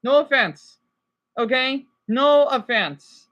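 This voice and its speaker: Speaking a bit high and slowly but animatedly, an American-accented woman from Arizona rants in a livestream monologue, rambling, doubling back and punching her points with "okay?". A simple home mic setup captures it, with the highs cut off.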